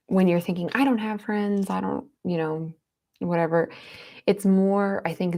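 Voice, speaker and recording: A woman's voice: lowish voice, a little mellow. A woman hosting a livestream, talking earnestly and tenderly while greeting viewers in the chat. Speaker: livestream host. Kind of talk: casual heartfelt live chat.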